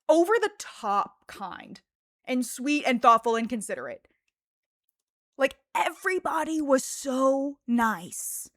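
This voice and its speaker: Animated woman streamer telling stories. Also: high voice, no echo, clean studio sound. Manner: animated storytelling, laughs often, fillers like "like". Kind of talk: casual livestream chat.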